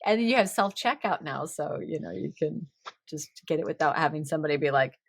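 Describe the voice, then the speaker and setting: A woman's voice: low voice, expressive, brisk, no echo, clean studio sound. A woman hosting a casual chat podcast, giggly and laughing often between sentences. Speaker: podcast host.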